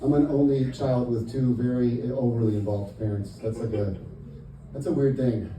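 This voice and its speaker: A young man from Indiana doing a stand-up comedy set in a comedy club. He is punchy and exasperated, swinging between mutters and loud bursts. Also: mid-range voice, steady tone, normal speed. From Indiana, USA. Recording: roomy club, mic at a distance, audible noise.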